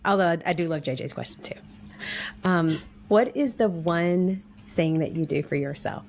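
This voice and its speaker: A woman's voice: on the low side, animated, normal speed, gravelly, darkish tone, a little hiss or hum. Effusive woman podcast host. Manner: effusive, emotional, laughing. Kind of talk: podcast interview.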